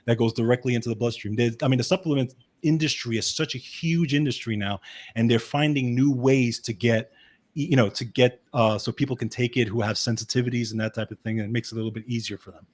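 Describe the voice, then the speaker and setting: A man with a Brooklyn accent talks through nutrition advice as a wellness specialist. His delivery is casual and explanatory, full of "okay" and quick restarts, at a pitch typical for a man.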